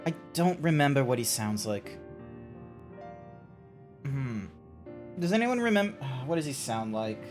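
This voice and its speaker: A man's voice: medium pitch, very animated, a little slow, long pauses, a little mellow, soft background music. Young Australian man, loose chatty streamer who rambles, restarts and swears, mid-range voice. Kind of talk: casual game-stream chat.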